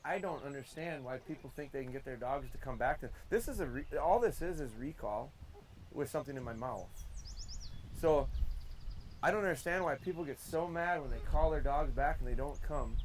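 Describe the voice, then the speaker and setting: A man's voice: medium pitch, normal speed, darkish tone, dull audio, slight background noise. A man teaching dog training in a folksy, hands-on way outdoors, sometimes acting out the commands he gives. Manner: folksy, demonstrating commands in varied tones. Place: outdoors in a field.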